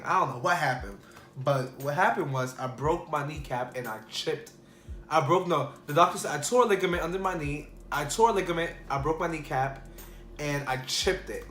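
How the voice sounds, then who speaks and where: Guy telling a story time to his phone, lots of "like", bit high voice, echoey. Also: a bit bright. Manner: rambling, filler-heavy, restarts. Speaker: vlogger. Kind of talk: casual storytelling to camera. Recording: echoey room.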